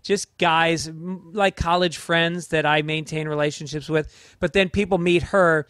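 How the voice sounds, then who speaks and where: A man as a comedian guest in casual chat, thinking out loud and correcting himself. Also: fairly high pitch, fairly even intonation, unhurried, no room sound, studio quality. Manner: thoughtful, correcting himself as he talks.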